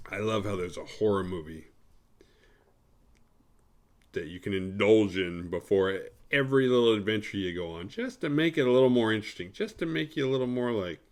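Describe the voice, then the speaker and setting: A man hosting a horror movie podcast, recapping a film in a rambling, profane, sarcastic way. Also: on the low side.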